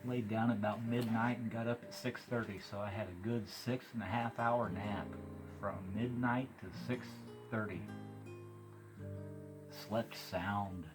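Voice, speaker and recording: A man's voice: lowish voice, steady tone, a little slow, rough recording. A man with a Missouri accent chatting casually in a video log, rambling and chuckling often. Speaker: vlogger. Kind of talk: casual chat. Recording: guitar music playing behind.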